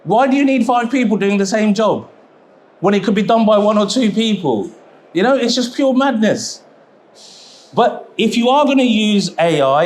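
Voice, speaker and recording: A man presenting a seminar at a trade expo, chatty and jokey, with quick asides. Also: high-pitched, a little hiss or hum. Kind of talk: live seminar talk. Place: exhibition hall seminar.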